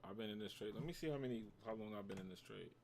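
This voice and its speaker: A livestream host with a New York accent talks loosely with his chat in a slangy, joking way. His voice sits on the low side. A faint background hum runs under his speech. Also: very fast, gravelly. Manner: slangy, banters with chat, reacts to trades.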